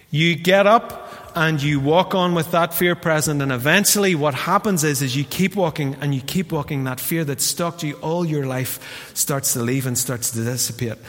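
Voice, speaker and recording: A man with a Northern Irish accent preaching a lively, jokey sermon as pastor, acting out the quotes he tells. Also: sits high. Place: church hall. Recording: long hall reverb.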